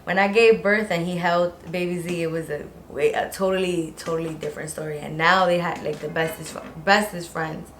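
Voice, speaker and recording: A woman's voice: on the low side, steady tone, a little fast, hardly any pauses. Young woman vlogger, casual rambling storyteller, echoey room. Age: young adult. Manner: talks in long run-on rambles with many "like"s. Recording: echoey room with faint noise.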